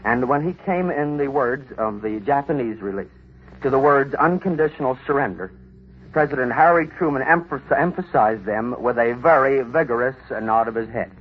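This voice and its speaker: A man reporting as a radio news correspondent, with a measured, formal delivery. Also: mid-range voice, husky. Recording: dull, lo-fi 1940s radio broadcast with faint hiss.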